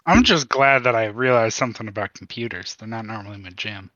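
A man's voice: on the low side, a little fast, sharp tone, muffled recording. A man playing a tabletop role-playing game, chatting casually and thinking aloud. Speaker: player.

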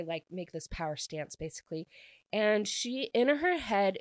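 A young adult woman excitedly recapping a book she loved, talking fast and gushing, with a constant filler "like". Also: mid-range voice, dry recording, studio quality. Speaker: book reviewer.

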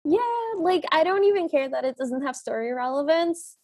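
A woman's voice: sits high, lively intonation, normal speed, a little mellow, dry recording. A woman co-hosting a podcast, casually recapping a film in a chatty, giggly way and acting out the scenes as she goes. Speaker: podcast co-host.

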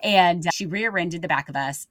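A woman's voice: lowish voice, moderate pace, no room sound, clean studio sound. A young adult woman co-hosting a faith podcast, telling stories earnestly and acting out what people said. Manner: earnest storytelling, animated quoted voices. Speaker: podcast co-host. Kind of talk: casual faith podcast chat.

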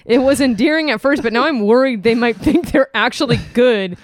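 A woman co-hosting an improv comedy podcast, playful, quick with dry jokes. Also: a little high, no echo. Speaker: podcast co-host.

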